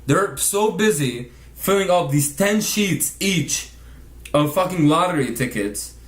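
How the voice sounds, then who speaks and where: A man's voice: sits high, expressive, measured pace, echoey room. Rambling, cursing man telling a story. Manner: profane, rambling, laughs often. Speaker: vlogger narrating over a speed painting. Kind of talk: casual storytelling rant.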